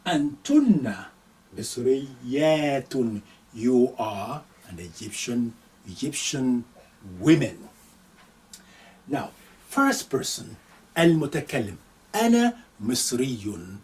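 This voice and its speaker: A man teaching an Arabic lesson, reading phrases slowly and deliberately and repeating each one with its translation. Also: mid-range voice, darkish tone, recorded from a distance, poor audio. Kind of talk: live online language lesson.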